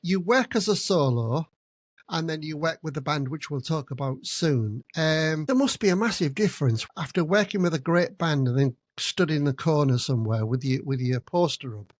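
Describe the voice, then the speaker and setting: A man hosting a podcast, asking interview questions in a halting way that repeats words. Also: fairly high pitch, lively intonation, dry recording. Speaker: podcast host.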